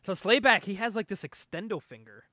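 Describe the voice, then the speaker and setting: A young man co-hosting a casual comic book podcast, animated and quick to laugh as he recaps issues. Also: sits high, dry recording, studio quality. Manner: animated, laughs often, reads comic dialogue aloud. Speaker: podcast co-host.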